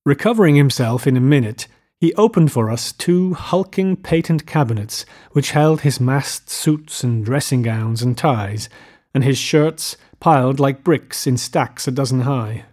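A man reads literary fiction for a scripted audiobook, measured and unhurried. His voice sits in a middle pitch range with a darkish tone.

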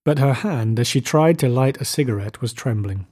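A man narrating a classic novel aloud in a measured, expressive reading. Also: mid-range voice, slightly rough.

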